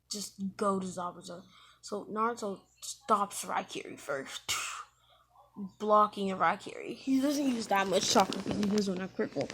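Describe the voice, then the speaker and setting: A woman's voice: medium pitch, vocal fry, fairly bright tone, slight background noise. A woman casually retelling a fan-fiction story as a YouTube storyteller, rambling along with lots of "like" fillers.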